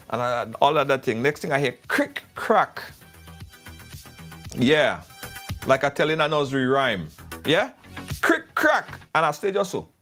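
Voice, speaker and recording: A middle-aged man with a lilt talks up products on a live show. He tells his stories with excitable repetition, and his voice swings widely in pitch. Faint music plays in the background. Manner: storytelling, excitable, repeats himself. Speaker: live show host doing product ads. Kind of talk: animated live-stream ad chat.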